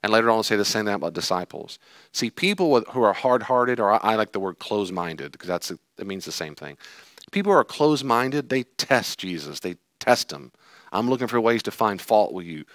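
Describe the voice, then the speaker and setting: A man preaching a sermon, animated, acting out quoted figures with sighs and sudden swings up and down. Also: mid-range voice, brisk, dry recording. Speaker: pastor. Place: church hall.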